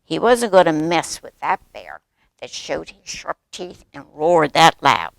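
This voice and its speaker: A woman storyteller reading a picture book aloud to children, lively and asking them questions along the way. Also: sits low, measured pace, creaky, no echo, clean studio sound. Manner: animated, asks the children questions.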